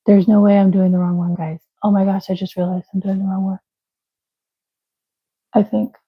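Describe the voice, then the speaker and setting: A woman's voice: mid-range voice, level tone, moderate pace, slightly rough, highs cut off. A young woman hosting a live crochet stream, chatting casually and laughing at herself while she works. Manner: chatty, self-deprecating, talks to viewers while working. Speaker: livestream crochet host.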